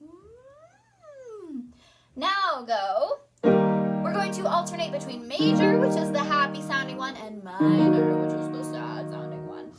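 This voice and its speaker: A woman voice teacher leading a recorded singing lesson, cheerful and encouraging, singing short warm-up demonstrations. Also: sits high, very animated, unhurried, over loud music.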